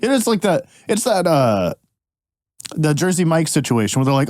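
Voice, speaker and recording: A man co-hosting a comedy podcast, trading animated, profane jokes in casual banter. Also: a little high, brisk, no echo, studio quality. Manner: animated, swearing, jokey.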